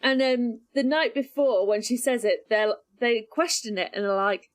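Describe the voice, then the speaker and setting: A woman priest co-hosting a casual podcast, retelling a show with animated, acted-out quotes. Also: fairly high pitch, normal speed. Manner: animated retelling, acting out quotes in jumpy voices.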